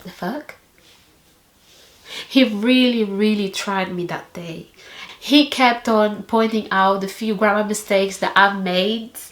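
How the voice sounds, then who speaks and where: A woman's voice: medium pitch, a little slow, roomy sound. Sassy young woman. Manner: animated, sassy storytelling. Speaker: vlogger. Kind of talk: storytime vlog.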